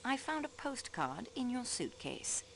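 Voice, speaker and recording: A woman voicing a polite young female detective in a game, questioning suspects in a measured way. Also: on the high side, sing-song, gravelly, background noise, heavily acted. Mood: inquiring.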